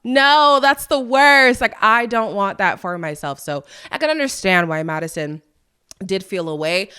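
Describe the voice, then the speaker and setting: A young adult woman hosting a casual recap podcast. She talks in a chatty, animated way and quotes people in playful voices. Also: on the low side, normal speed, smooth. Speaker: podcast host.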